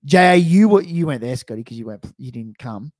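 A fast-talking young Australian with a mid-range voice co-hosts a podcast, telling a story through laughter and acted-out quotes. It's casual, animated chat captured at studio quality, echo-free.

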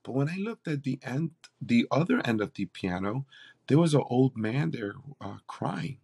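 A man's voice: medium pitch, big pitch swings, normal speed, creaky, a little mellow, breathy edge. A man, a campus pastor, telling a faith story in an interview with an earnest, preacherly delivery. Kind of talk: interview testimony.

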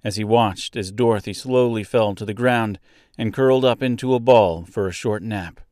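A man reading a storybook aloud as narrator, in a slow, measured, even way. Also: on the low side, no echo, studio quality.

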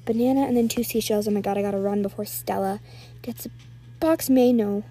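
A woman's voice: mid-range voice, fairly even intonation, a little fast, warm tone, slightly rough. A woman giving live, rambling commentary while playing an online game, nervously narrating every move aloud.

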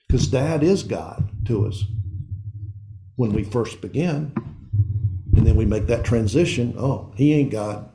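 Earnest middle-aged man, mellow voice. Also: mid-range voice. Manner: earnest, confessional, slows down on emotional points. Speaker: men's group speaker. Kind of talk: heartfelt talk to a men's group.

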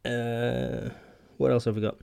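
A man's voice: mid-range voice, flat delivery, a little slow, gravelly, warm tone, smooth, no room sound. Dry-voiced Mancunian man musing aloud. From Manchester, England. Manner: hesitant, many ums and restarts, wry asides. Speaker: podcast host. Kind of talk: casual solo podcast reading old magazine articles aloud.

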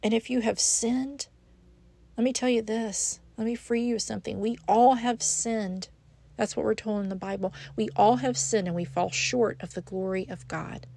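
A woman's voice: on the high side, steady tone, normal speed, creaky, dark tone, no room sound. A woman hosting a devotional podcast, speaking earnestly and encouragingly to the listener as a friend. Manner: frequent restarts and fillers. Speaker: podcast host.

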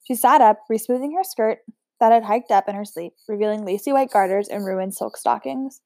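A woman reading a novel aloud in a steady voice, with chatty asides. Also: a little high, brisk, no echo. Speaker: audiobook reader.

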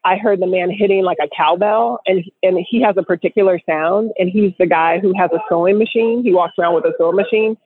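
A woman on a casual group call telling stories in an animated, joking way. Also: lowish voice, quick pace, few pauses, no echo. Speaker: guest co-host. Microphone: phone. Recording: tinny phone line.

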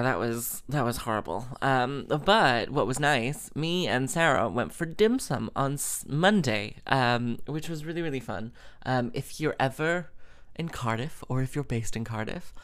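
A man's voice: mid-range voice, fairly bright tone, smooth. A young man hosting a casual solo podcast, rambling and swearing freely with lots of fillers. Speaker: podcast host and musician.

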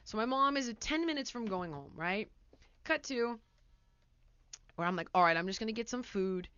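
A woman hosting a podcast, telling a story in casual chat, animated and acting out quotes loudly. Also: a little high, moderate pace, clear, resonant tone, no echo, muffled recording. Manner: animated, breaks into laughter, acts out quotes loudly. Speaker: podcast host.

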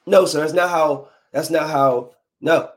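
A young adult man in a casual, preachy rant of dating advice, slangy and animated, slipping into quick mock voices. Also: fairly high pitch. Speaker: vlogger giving dating advice.

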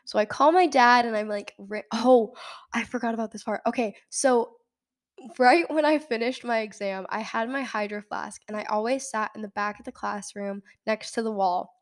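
A nineteen-year-old woman from Nebraska, telling a story in a casual, animated way and often laughing. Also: a little high, normal speed. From Nebraska, United States. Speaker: podcast host.

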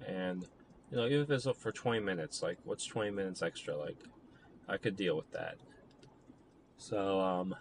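A man's voice: fairly low pitch, moderate pace. A young man casually telling a personal story, rambling with lots of "like" and acting out both sides of past conversations. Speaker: vlogger. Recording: steady traffic and vehicle noise outdoors.

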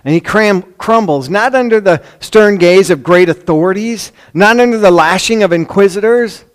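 A man with a Chicago accent preaching a sermon, swinging from loud emphasis to hushed lines, with conversational asides and rhetorical questions. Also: sits high, normal speed. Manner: dramatic swings between loud emphasis and hushed near-whispers. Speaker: pastor.

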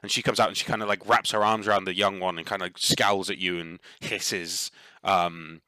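Man, game master, tabletop narration, rambling fillers, somewhat low pitch. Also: fairly even intonation, moderate pace, sharp tone, smooth, no room sound.

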